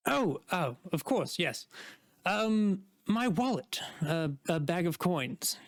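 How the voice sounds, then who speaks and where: A man voicing a flustered, pompous well-to-do gentleman who has been robbed. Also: high voice, very animated, slow, no room sound, clean studio sound, full character voice. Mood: fussy.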